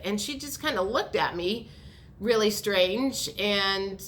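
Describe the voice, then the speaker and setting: A woman in a casual vlog, telling a long everyday story in a chatty, rambling way. She speaks at an ordinary middle pitch and trips over her words with fillers and restarts as she goes. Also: lively intonation, measured pace, fairly bright tone, a little hiss or hum. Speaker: vlogger.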